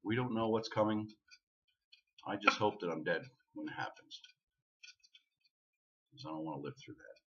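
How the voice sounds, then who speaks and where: A man's voice: lowish voice, normal speed, pauses often, muffled recording. A man preaching casually to the camera in a vlog, earnest and repeating himself for emphasis. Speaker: vlogger.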